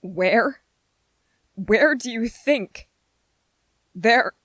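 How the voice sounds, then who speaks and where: A woman's voice: fairly high pitch, expressive, drawn-out words, fairly bright tone, no echo, full character voice. A woman voicing an irritable young male soldier trainee in a whispered role-play, speaking with biting sarcasm and strained patience.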